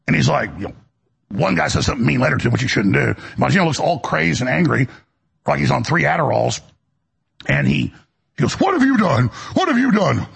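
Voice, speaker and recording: A man hosting a talk show, delivering a heated political commentary monologue in a ranting style with stammering restarts and a raspy, gravelly voice. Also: mid-range voice, brisk, pauses often, fairly bright tone.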